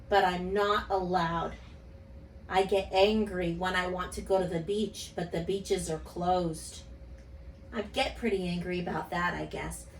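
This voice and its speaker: A woman speech teacher reading and talking gently to young children in an online lesson. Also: medium pitch, slight background noise. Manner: gentle, slow, sing-song storytelling to kids. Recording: echoey room, voice a bit far from mic.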